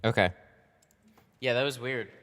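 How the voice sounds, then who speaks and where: A man's voice: mid-range voice, a little slow, fairly bright tone. A man talking casually into a headset as he tints a window on a live stream, chatty and loose, swearing now and then when something goes wrong. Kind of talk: casual live-stream talk while working.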